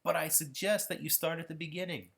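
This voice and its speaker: A man giving a patient, explanatory pronunciation lesson while walking through practice software. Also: on the high side, quick pace, creaky. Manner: patient, explanatory, self-correcting. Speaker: pronunciation instructor. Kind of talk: software demonstration tutorial.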